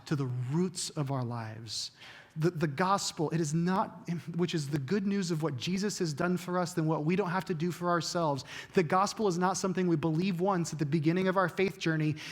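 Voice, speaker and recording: Male pastor, high voice, earnest sermon delivery with restarts and joking asides, long hall reverb. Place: church sanctuary.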